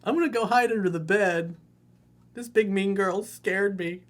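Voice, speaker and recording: A whimpering, babyish grown man wails for his mommy in a high, strained whine, as a man puts the voice on. The voice sits well above a man's usual pitch and pushes loud. It is an overemotional crybaby through and through. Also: moderate pace, close to an everyday voice. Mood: whiny, babyish.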